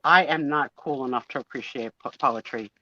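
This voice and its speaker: Sharp-voiced, blunt, teasing middle-aged woman. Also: very deep voice, fairly quick. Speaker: co-host on a live photo sale stream. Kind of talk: casual chat. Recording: dull, lo-fi sound.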